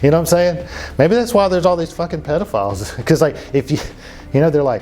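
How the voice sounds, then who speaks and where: A man's voice: on the high side, normal speed, darkish tone, soft background music. A man hosting a comedic true-crime podcast, telling the story in a loose, profane way full of fillers and asides. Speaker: podcast host.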